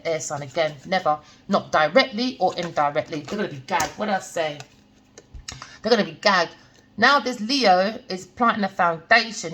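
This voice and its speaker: A woman's voice: mid-range voice, a bit bright. A woman giving a spoken tarot reading, blunt and slangy, repeating her points to lecture the viewer. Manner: emphatic, repetitive, lecturing the viewer. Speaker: tarot reader.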